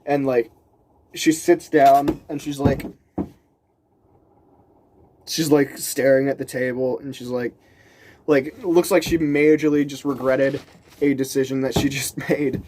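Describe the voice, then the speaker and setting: A man's voice: medium pitch, a little slow, pauses often, a little hiss or hum. A man telling a story casually, rambling and restarting sentences, laughing often and acting out the people he quotes. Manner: animated, voices the people he quotes.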